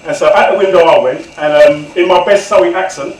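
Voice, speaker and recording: An English man in his forties, appearing as a guest author, narrates his life story to an audience in an echoey event room, recorded far from the mic. His voice runs a little high and a little fast, and he stays candid and conversational, frequently turning to the listeners.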